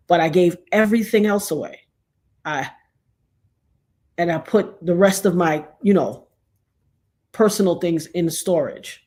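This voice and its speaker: A woman in her forties, vlogging at home and telling a personal story with big emotional swings, from hushed to excited shouting. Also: on the low side.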